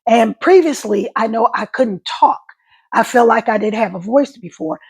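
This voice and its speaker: Middle-aged woman vlogger, gravelly and husky, halting and repetitive, voice catches. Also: on the high side, animated, darkish tone. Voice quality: voice catches and crackles when emotional. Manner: halting speech with repeated words. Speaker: stroke survivor vlogger. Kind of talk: casual talk to camera.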